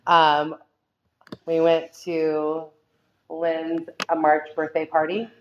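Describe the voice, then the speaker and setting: A woman's voice: sits low, monotone, slow pace, muffled recording, a little hiss or hum. A woman sharing her recovery story at a meeting, candid and rambling, full of fillers and restarts. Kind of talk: personal testimony talk.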